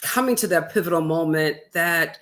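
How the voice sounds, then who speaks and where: A woman talking as the guest author in an interview, earnest and reflective, pausing often with fillers. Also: low voice, fairly bright tone. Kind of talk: live interview conversation.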